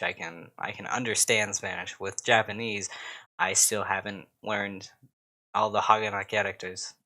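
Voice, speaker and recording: An American man with a fairly low, bright, forceful voice rambles casually to camera in a YouTube vlog chat. He swears often and pokes fun at himself.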